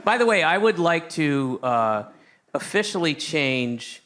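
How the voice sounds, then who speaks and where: A man's voice: fairly high pitch, sing-song, a little slow, a faint crowd. Stammering stand-up comic man. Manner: rambling, stammering storytelling with sudden shouted asides. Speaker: stand-up comedian. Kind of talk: stand-up routine. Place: comedy stage with a live audience.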